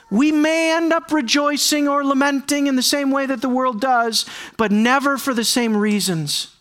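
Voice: sits high, steady tone, normal speed, fairly bright tone. An earnest preacher delivering a verse-by-verse sermon. The delivery is emphatic, with key lines said twice for weight and frequent rhetorical questions aimed straight at the listeners. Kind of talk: expository sermon.

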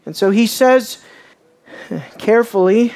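A woman preaching a sermon, emphatic and dramatic, her voice swelling from quiet explanation up to shouting. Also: mid-range voice, measured pace.

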